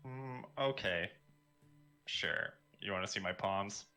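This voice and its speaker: A man's voice: lowish voice, slow, pushed and bright, faint music behind. A man playing a tabletop game in character, giving hesitant, wary replies. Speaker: player.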